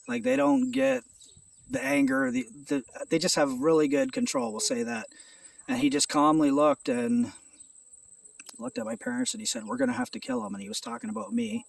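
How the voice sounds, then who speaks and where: A man's voice: a little high, very animated, normal speed, creaky, no room sound, recorded from a distance. A man from Ontario, earnestly sharing a rambling spoken testimony outdoors at a rural house, often repeating his words. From Ontario, Canada. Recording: voice off from the mic.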